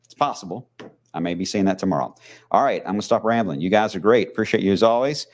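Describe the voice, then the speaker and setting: A man's voice: lowish voice, fast. A man with a Southern country accent, a TV meteorologist chatting casually on a weather livestream, mumbling and rambling with lots of fillers.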